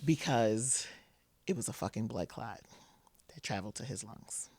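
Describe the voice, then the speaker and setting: Give me a woman podcast guest recounting a story in a lively, chatty way, with lots of "like" fillers, recorded dry and close. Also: rumbling low, moderate pace, slightly rough, no room sound. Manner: animated retelling, acting out quotes, many "like" fillers. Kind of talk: personal storytelling.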